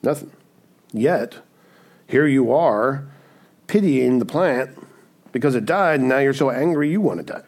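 Preacher speaking as a calm patient god, steady questioning tone. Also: male voice, mid-range voice, a little slow, pauses often. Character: patient divine father figure, questioning calmly.

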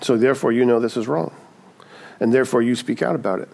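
A man's voice: mid-range voice, fast talker, vocal fry, dark tone. A man preaching a sermon in a conversational way, often asking "right?" and acting out quoted voices. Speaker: pastor.

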